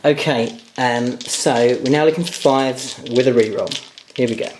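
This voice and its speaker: A man's voice: medium pitch, normal speed, noisy background. Man cheering on his dice rolls. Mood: eager. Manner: talks to viewers as guys, hopeful and tense over rolls. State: tired late at night. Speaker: wargame player and channel host. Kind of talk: excited dice-rolling commentary to viewers.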